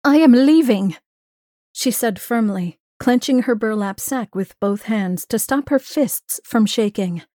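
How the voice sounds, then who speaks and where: A woman's voice: medium pitch, unhurried, few pauses, mellow, dry recording, studio quality. A woman narrating excerpts from several novels as an audiobook reader. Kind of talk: scripted narration.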